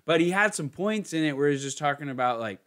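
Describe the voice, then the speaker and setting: A man's voice: on the high side, lively intonation, fast talker, fairly bright tone. A man guesting on a comedy podcast, laid-back and full of fillers like "like". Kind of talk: casual chat.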